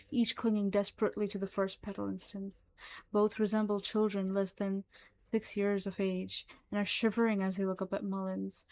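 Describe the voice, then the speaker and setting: A woman narrating a horror story in a slow, hushed, even manner. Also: mid-range voice.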